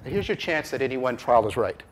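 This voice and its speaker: A man giving a conference lecture on cognitive science, with animated emphasis, rhetorical repeated questions and frequent restarts. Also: medium pitch, brisk. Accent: Canadian English. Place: lecture room.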